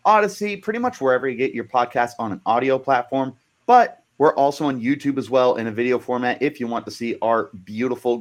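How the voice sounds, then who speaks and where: Guy hosting a sports podcast, teasing, playful banter, regular pitch. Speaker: podcast host. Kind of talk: casual sports podcast chat.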